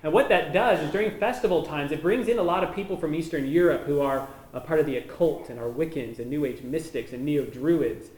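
A missionary man giving an informal slideshow talk, explaining each photo in a relaxed, conversational way. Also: on the high side, brisk, few pauses. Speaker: missionary presenting to a church. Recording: echoey room.

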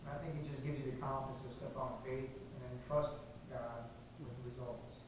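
A man in a study group giving a soft, reflective answer. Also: medium pitch, steady tone, brisk. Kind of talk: group discussion remarks. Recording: distant, very echoey, noisy room.

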